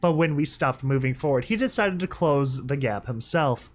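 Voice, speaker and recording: A young man reading a story aloud and breaking off for excitable, laughing commentary. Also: medium pitch, moderate pace. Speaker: reader and commentator.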